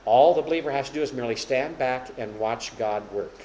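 A man teaching a Bible lesson to a small group, his voice at an ordinary middle pitch. He explains patiently and grows emphatic and louder when he quotes verses. A faint room hum sits behind him. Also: fairly quick, reverberant, muffled recording. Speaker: preacher teaching a Bible study.

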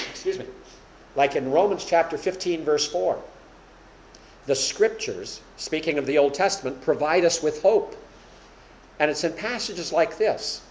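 A man teaching the Bible to a congregation, asking questions and explaining patiently. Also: a little high. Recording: echoey room with faint hum.

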